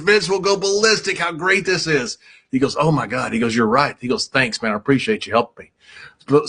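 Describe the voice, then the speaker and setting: A man with a husky, bright edge to his fairly high voice tells a story casually. He laughs often and acts out the lines of the people in it. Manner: animated, laughing storyteller who acts out quotes. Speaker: storyteller guest. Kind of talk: casual anecdote telling.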